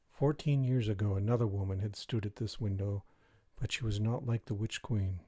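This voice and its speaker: A man reading a dark fairy tale aloud in a measured, even way. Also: on the low side, no echo. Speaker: reader. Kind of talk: storybook reading.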